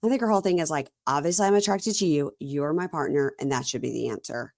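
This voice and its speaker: A low-pitched woman talks over a reality episode in easy, chatty podcast talk, acting out both sides of each scene as she tells it. The sound is dry and close, with almost no room around her. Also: fast, gravelly, darkish tone, no room sound. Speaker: podcast host. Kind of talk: casual chat recapping a reality show.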